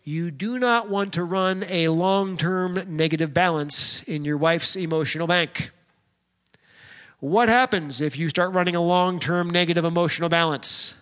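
A man's voice: a little high, fairly bright tone. A pastor preaching a sermon in a direct, plain-spoken way, speaking straight to the men in his congregation. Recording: long hall reverb.

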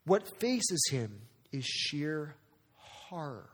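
A male pastor preaching a dramatic, emphatic sermon full of rhetorical questions, slowing down for weighty lines and speeding up for asides. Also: a little high, very animated, slightly rough, long reverb tail. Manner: swings between slow weighty phrasing and quick asides.

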